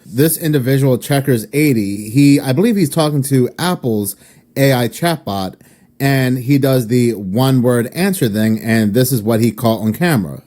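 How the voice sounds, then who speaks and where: A man narrating a cautionary story in casual commentary, steady in his retelling. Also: mid-range voice.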